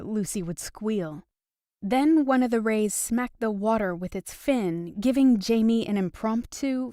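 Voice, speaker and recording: A woman narrating a romance audiobook in an even, steady storytelling manner. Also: mid-range voice, no room sound, studio quality. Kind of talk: scripted narration.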